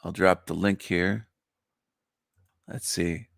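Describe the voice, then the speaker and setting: A man with a low, gravelly voice talks on his livestream, boastful and mocking, dragging out his words for emphasis. His voice is still groggy from a nap. The sound is close and dry. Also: steady tone, slow pace, fairly bright tone, no room sound. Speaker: livestream host. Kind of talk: casual livestream rant.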